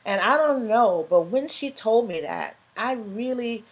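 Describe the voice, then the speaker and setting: A woman's voice: fairly high pitch, lively intonation, a little slow. A middle-aged woman hosting her own live online show, talking in an emotional, fervent way that builds into preacher-like exhortation. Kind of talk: live stream talk, preacher-like testimony.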